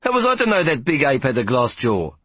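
A man putting on a whiny, sanctimonious train conductor, pompous about his rank, in an audiobook. His voice is pushed up high and sounds slightly husky. The recording is dry and close. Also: wildly swooping pitch, brisk, fairly bright tone, no room sound, heavily acted. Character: whining, self-righteous male train conductor. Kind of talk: audiobook character voice.

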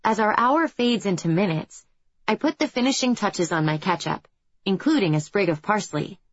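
A young adult woman reading a first-person story as an audiobook narrator, in an even, reflective storytelling manner. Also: mid-range voice, normal speed, no room sound, muffled recording.

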